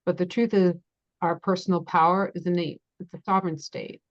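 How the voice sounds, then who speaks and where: A woman's voice: lowish voice, level tone, a little fast, muffled recording. A woman health coach giving a gracious, composed prepared talk on a conference panel.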